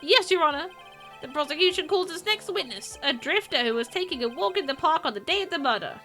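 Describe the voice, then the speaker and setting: A woman's voice: high-pitched, expressive, brisk, bright, forceful tone, faint music behind, voice pushed up. A woman voicing a meek, deferential middle-aged male prosecutor in a game read-through. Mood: fawning. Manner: deferential, apologetic.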